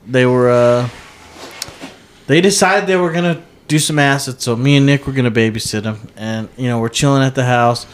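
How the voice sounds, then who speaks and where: A man, talking in a laid-back casual chat and saying "dude" a lot. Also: medium pitch. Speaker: podcast co-host.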